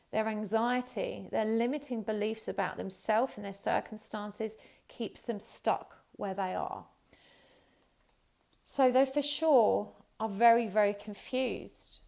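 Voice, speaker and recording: A woman with a medium-pitched voice and vocal fry gives a tarot reading directly to her viewers. She's chatty and warm-hearted, talking casually and filling her speech with plenty of ums and you-knows.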